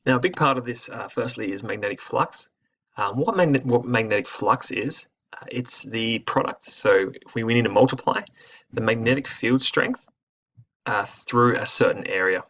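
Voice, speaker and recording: A man's voice: mid-range voice, normal speed, a bit bright. A man teaching a physics lesson over slides in a casual, explanatory way, thinking aloud with fillers and restarts. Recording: muffled lo-fi voice recording.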